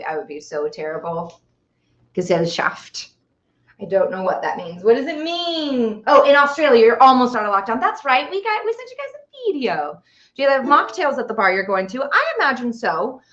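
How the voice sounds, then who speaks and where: A woman's voice: on the high side, a bit bright, roomy sound, lo-fi sound. A woman hosting a casual live stream, chatting with viewers and reading out their comments. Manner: chatty, reads out viewer comments, stumbles over long words. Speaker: livestream host.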